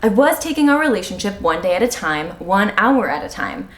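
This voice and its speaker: A woman's voice: medium pitch, big pitch swings, fairly quick. A woman co-hosting a casual read-along podcast, reading aloud playfully with dramatic mock outbursts. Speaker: podcast co-host. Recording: echoey room with faint music.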